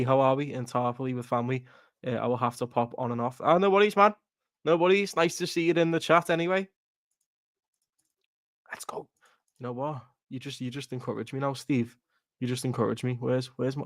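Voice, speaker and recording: A man's voice: mid-range voice, no room sound, clean studio sound. A man hosting a live football watchalong stream, ranting bluntly with swearing and laughter. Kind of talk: casual live stream chat.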